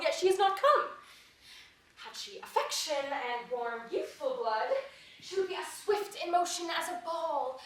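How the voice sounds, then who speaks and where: Stage role: a young woman playing an eager lovestruck girl, high bright voice, echoey and distant. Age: young adult. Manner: swings from brooding to excited outbursts. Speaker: student actor. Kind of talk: stage acting. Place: theatre stage. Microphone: far camera. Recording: echoey stage, filmed from far off.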